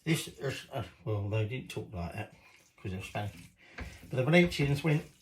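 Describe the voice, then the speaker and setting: Cheeky, lively man cooking. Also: medium pitch, normal speed, low-quality recording. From Britain. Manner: cheeky, chatty, swears casually. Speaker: home cooking vlogger. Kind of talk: casual cooking chat. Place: home kitchen.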